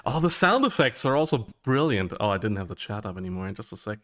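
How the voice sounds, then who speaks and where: A man streaming and commenting on a retro adventure game live, chatty and excitable, laughing and cursing now and then. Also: lowish voice, quick pace. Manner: excitable, chatty, laughs often, curses when surprised.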